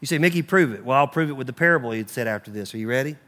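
A man preaching a sermon, animated and acting out quoted voices as he teaches from the Bible. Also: medium pitch, rapid-fire. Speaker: pastor.

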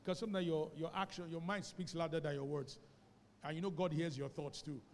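Pastor, man, Nigerian English accent, high voice, preaching with big swings from hushed to shouted, church hall echo. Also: fairly even intonation, fairly quick, slight background noise. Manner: preaching with call-and-response, swinging between quiet asides and shouts. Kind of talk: sermon.

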